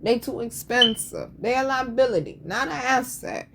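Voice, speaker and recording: A woman's voice: fairly high pitch, moderate pace, gravelly, fairly bright tone, a little hiss or hum. Woman host, casual storytelling, blunt and sassy, swears freely. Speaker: podcast host.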